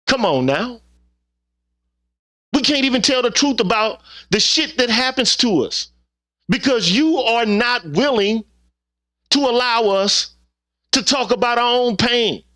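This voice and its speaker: In an extremely high, sharp-toned voice, a channel host rants through a heated opinion piece, swearing and firing off rhetorical questions again and again. He's animated yet unhurried, leaving long pauses.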